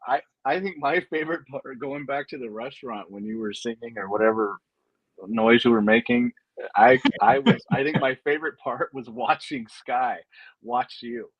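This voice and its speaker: A man chatting as a guest in a relaxed way, laughing often and filling pauses with "uh". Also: medium pitch, breathy edge, no echo, dull audio. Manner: laid-back, laughs often, hesitant fillers. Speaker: guest, paranormal investigator. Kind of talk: casual chat. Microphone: video call.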